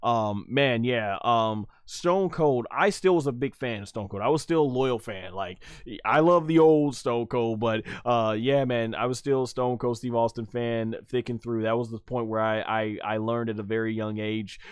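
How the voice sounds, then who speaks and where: A man's voice: medium pitch, normal speed, few pauses, clean tone, dry recording, studio quality. A man hosting a casual livestream, reading viewer comments and rambling with many fillers. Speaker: livestream host.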